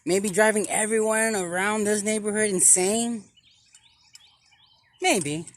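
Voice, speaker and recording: A man acting as a self-styled street preacher in a comic vlog sermon, speaking theatrically with dramatic pauses and repeated phrases. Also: sits high, slight background noise.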